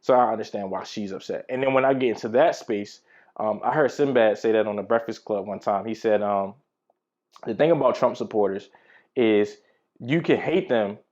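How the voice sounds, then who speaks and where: A man's voice: fairly low pitch, moderate pace, a little mellow, lo-fi sound. A man teaching from the Bible in a casual, slangy way, telling personal stories. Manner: conversational, slangy storytelling.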